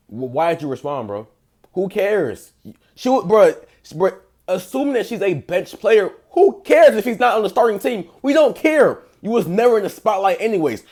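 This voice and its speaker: Animated, profane young male dating coach. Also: sits high. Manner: profane, trash-talking with basketball slang; blunt, mocking, rates texts out of ten. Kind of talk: casual reaction commentary.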